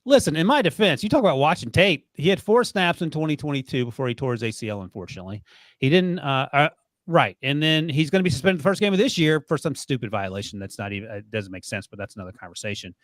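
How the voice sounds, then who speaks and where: A male podcast host who rattles through his list at a brisk clip, ribbing his co-host as he goes. The sound is dry and close, with no room around it. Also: a little high, sing-song, fairly bright tone, no room sound. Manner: quick, joking, teasing. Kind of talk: casual sports podcast chat.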